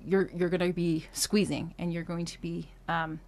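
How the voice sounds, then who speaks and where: A woman's voice: lowish voice, flat delivery, moderate pace, darkish tone. A woman vocal coach teaching a singing lesson, explaining technique between short demonstrations, with frequent fillers and restarts. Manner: explains technique, then sings short phrases and vocal drills.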